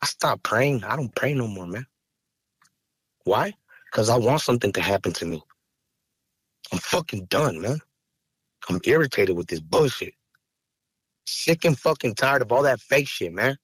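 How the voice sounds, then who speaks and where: A man's voice: medium pitch, animated, unhurried, pauses often, fairly bright tone, slightly rough, dry recording. Podcast guest: man, heated and profane, dry close studio sound. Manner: raw, angry, profane, rising to heated outbursts. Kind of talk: emotional interview talk.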